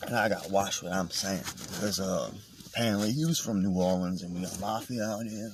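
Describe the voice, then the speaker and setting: A man's voice: low-pitched, fairly quick, background noise. A man vlogging in a casual, meandering monologue, swearing and joking as he goes.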